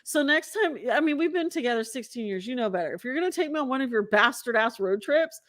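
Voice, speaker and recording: A woman in her forties hosting a casual chat, telling a story in an animated, profane way. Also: on the high side, fast, no echo, studio quality. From Southern California. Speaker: podcast host.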